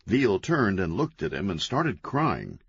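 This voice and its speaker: A man narrating an audiobook in a wry, deadpan storytelling manner. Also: low-pitched, unhurried, breathy edge, dry recording. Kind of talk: scripted narration. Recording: dull, lo-fi, dry.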